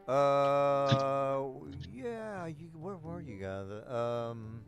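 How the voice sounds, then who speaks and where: A man running a tabletop role-playing game, narrating what the players see. He hesitates a lot, with plenty of ums and restarts, at an ordinary middle pitch with faint music behind him. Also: lively intonation, very slow. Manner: hesitant, full of fillers and restarts. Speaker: game master.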